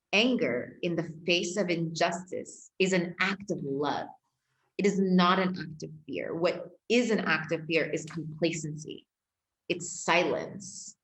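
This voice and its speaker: A woman's voice: on the low side, poor audio. A woman who works as a spiritual and empowerment coach, speaking as a podcast guest in an emphatic, earnest way. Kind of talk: casual conversation.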